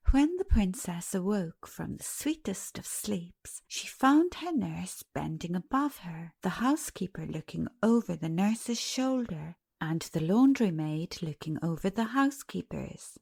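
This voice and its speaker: A woman narrating a classic fairy tale audiobook in an expressive storytelling manner. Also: on the low side, measured pace, gravelly, slightly rough.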